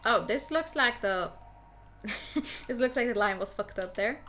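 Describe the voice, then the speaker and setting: Young female streamer, slightly high voice, chatty game read-through. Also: expressive, measured pace, bright, forceful tone, slight background noise. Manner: chatty, reads game text and comments on it. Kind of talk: playing and reading a visual novel aloud.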